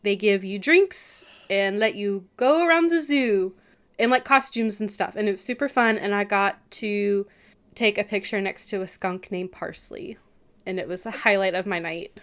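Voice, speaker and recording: A woman's voice: medium pitch, moderate pace, a bit bright. Chatty woman in her thirties telling a story. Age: 30s. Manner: chatty storyteller, lots of "like" fillers. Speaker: podcast co-host. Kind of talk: casual chat.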